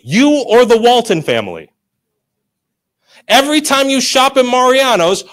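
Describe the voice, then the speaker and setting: A man presenting at a business seminar, giving an emphatic motivational pitch to a live audience. He repeats key phrases, quizzes the crowd and teases them into keeping up. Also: a bit bright. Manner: pushy and teasing, tells listeners to stop.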